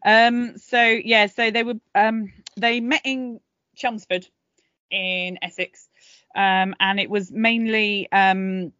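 A woman's voice: mid-range voice, steady tone, slow pace, bright, forceful tone, dry recording. A woman co-hosting a casual history podcast, chatty and full of jokey asides. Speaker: podcast co-host. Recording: slightly dull, dry home mic.

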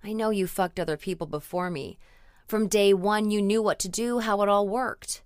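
A woman's voice: medium pitch, moderate pace, smooth, dry recording, close to an everyday voice. Jealous older woman, wounded and accusing, read by the woman narrating the audiobook, dry voice. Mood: hurt. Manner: accusing, raw and emotional. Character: hurt jealous older woman, long-time partner. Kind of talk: audiobook character reading.

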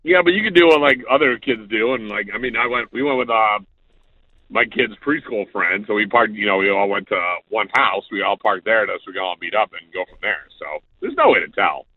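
A man's voice: lowish voice, brisk. A man in his thirties hosting a talk show, telling a story and acting out the people in it. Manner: animated storyteller acting out quotes. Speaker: radio show host. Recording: phone-like narrow band.

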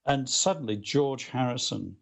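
A middle-aged man who is a guest author, telling a story in casual conversation in a rambling, animated way with lots of fillers and restarts. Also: mid-range voice, normal speed, gravelly.

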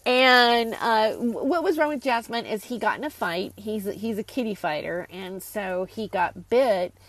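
A woman's voice: medium pitch, lively intonation, normal speed, slight background noise, poor audio. A woman hosting her own channel, telling a long personal story in a rambling, casual way with many restarts and asides. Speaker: channel host. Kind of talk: casual monologue to camera.

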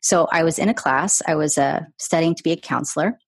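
A woman's voice: low voice, a little fast, no room sound. A middle-aged woman, a guest author on an interview, telling her own story in an earnest, candid way. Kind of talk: conversational storytelling.

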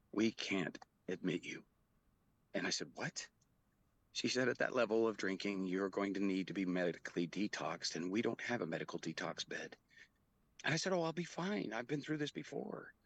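Deep gravelly man telling his story. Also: fairly bright tone. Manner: earnest, halting, with quoted dialogue. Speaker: guest. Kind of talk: personal storytelling in an interview.

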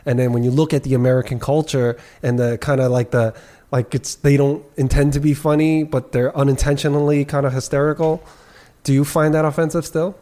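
A man talking in a casual group discussion, halting and rambling, with many restarts. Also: mid-range voice, steady tone, dark tone.

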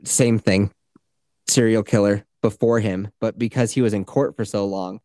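A man's voice: lowish voice, normal speed, dry recording, clean studio sound. A man in his thirties co-hosting a casual chat, telling stories with lots of swearing and acted-out quotes. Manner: profane, animated storytelling with acted-out quotes. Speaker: podcast co-host.

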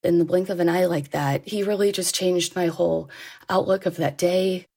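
A woman, earnestly telling a personal story and laughing softly between phrases. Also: on the low side, steady tone, moderate pace, creaky. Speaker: interviewee sharing a personal story.

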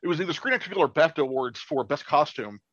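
A man co-hosting a podcast in casual chat, halting and crude in a blunt way. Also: on the high side, expressive, a bit bright, dry recording, dull audio. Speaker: podcast co-host.

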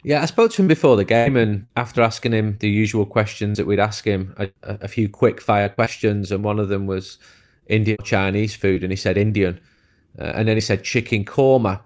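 A man's voice: on the low side, steady tone, a little fast, a little mellow. A man who works as a football reporter, telling a story on a podcast with frequent laughs. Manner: laughing, anecdotal.

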